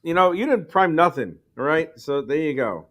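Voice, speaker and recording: A man's voice: on the high side, lively intonation, normal speed, fairly bright tone. Goofy crude man co-hosting a chat. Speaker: co-host. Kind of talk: casual chat.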